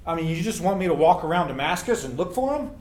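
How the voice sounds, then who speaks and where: A man voicing an excitable middle-aged male hostel owner who talks loud, brusque and exasperated. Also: on the high side, fast talker.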